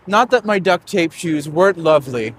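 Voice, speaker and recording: A man's voice: fairly high pitch, lively intonation, moderate pace, slight background noise. A man from Canada, a tour guide, chatting and joking while walking uphill outdoors. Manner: joking and chatty, laughs often. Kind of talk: casual chat while walking.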